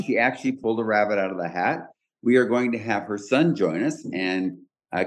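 A man's voice: low voice, darkish tone. A man hosting a podcast, explaining his coaching approach in a direct, explanatory way with frequent restarts. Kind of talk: casual podcast talk.

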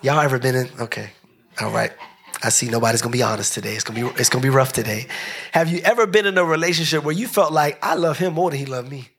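A pastor preaching a sermon at a church service, talking with the congregation in a conversational, animated way and swinging between loud and soft. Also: male voice, mid-range voice, fast talker, husky.

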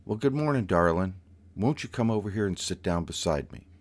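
A man voicing an elegant, genteel Southern aunt who is syrupy and coaxing, then firm and commanding in slow, stern words. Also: sits low, lively intonation. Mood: sweetly coaxing. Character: elegant genteel Southern aunt, sweet but steely, woman.

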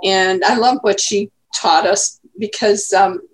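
A woman's voice: mid-range voice, steady tone, slow pace. A woman in her eighties, chatting casually as an interview guest and telling rambling stories. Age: 80s. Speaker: guest grandmother.

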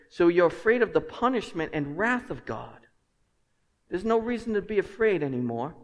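Impassioned male preacher in a reverberant hall. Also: sits high. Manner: emphatic preacher, swings from quiet to loud and jokes with the congregation. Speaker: pastor. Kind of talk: sermon. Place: church sanctuary. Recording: long reverb of a large hall.

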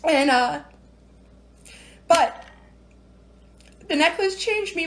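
Woman, high voice, chatty and teary, rambling livestream talk from home. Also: moderate pace, a bit bright. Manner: chatty, rambling, emotional, frequent "right?" and "you know". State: tearful, near crying. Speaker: direct-sales team leader. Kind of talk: casual livestream talk to viewers.

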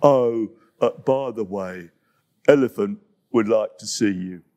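A man's voice: lowish voice, dark tone, voice pushed down. A man voicing a greedy male hippo who talks lazily, full of ums and uhs. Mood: lazy, smug. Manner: slow, lazy, with ums and uhs.

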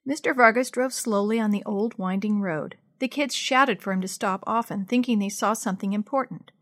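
A woman reading a children's storybook aloud in a clear, expressive scripted narration. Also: mid-range voice, moderate pace, dry recording, clean studio sound.

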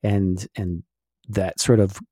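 A man's voice: sits low, level tone, slow pace, dark tone, husky, no room sound, studio quality. A middle-aged man co-hosting a casual faith podcast, explaining at length with many fillers. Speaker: podcast co-host.

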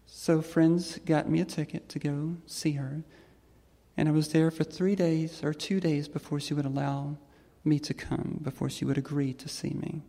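Trans woman, personal stage story, gravelly voice, mellow tone, long hall reverb. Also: low-pitched, level tone, normal speed. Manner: reflective and gentle, with soft laughs. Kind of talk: personal story told to an audience.

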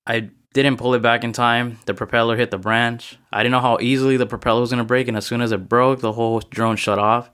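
On his casual solo motivational podcast, the young host rambles through a story, slightly breathless, frequently restarting and correcting himself. He speaks fast with few pauses, in a mid-range, level, smooth voice that's a bit bright.

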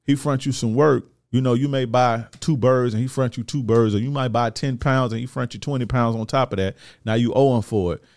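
A man's voice: mid-range voice, steady tone, a little fast, hardly any pauses, darkish tone, dry recording, studio quality. A man, hosting a show and ranting bluntly in profane street slang. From Florida, USA. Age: 30s. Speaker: host giving life advice to men. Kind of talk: casual ranting monologue.

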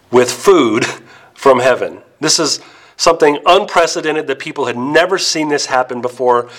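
A male pastor delivers a sermon in a storytelling way, with a voice of ordinary middle pitch. He slows down and drops his voice low and soft to stress key words.

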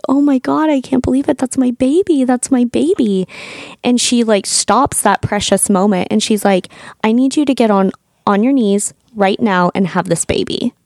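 A woman's voice: medium pitch, gravelly, darkish tone, no room sound, studio quality. A woman in her thirties, a podcast host and doula, telling her own birth story in a candid, emotional way that includes swearing.

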